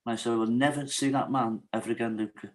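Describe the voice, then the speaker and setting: A middle-aged man, appearing as a podcast guest, tells his life story with candor and vivid detail. His voice sits at medium pitch and moves quickly, captured on a rough recording. He's an animated storyteller who acts out what other people said and keeps checking in with "right?"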